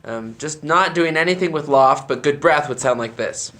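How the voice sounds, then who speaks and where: A man's voice: fairly high pitch, moderate pace, fairly bright tone. A man who directs a church choir, explaining vocal technique in a tutorial and demonstrating the sounds with his own voice.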